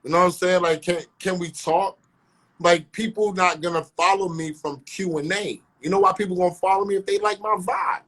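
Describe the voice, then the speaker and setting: A man from South Jamaica, Queens, a rapper and actor, telling animated stories in street slang during a casual interview. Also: high voice, brisk. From South Jamaica, Queens, New York. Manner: animated storytelling, street slang, acts out dialogue.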